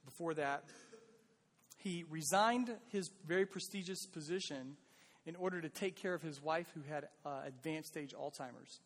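A man's voice: on the high side, moderate pace, in a large hall. A man preaching a sermon as pastor, earnest and conversational, pleading with his listeners.

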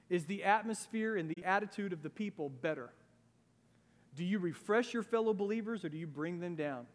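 A middle-aged male pastor preaching a sermon in a conversational, animated way with casual asides. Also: high-pitched. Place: church sanctuary. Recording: long reverb of a church hall.

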